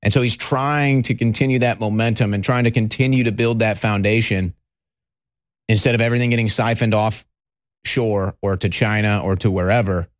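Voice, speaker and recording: A man's voice: on the low side, fairly even intonation, moderate pace, dry recording, clean studio sound. A man hosting a talk show, giving rambling, conversational political commentary and speaking straight to his audience.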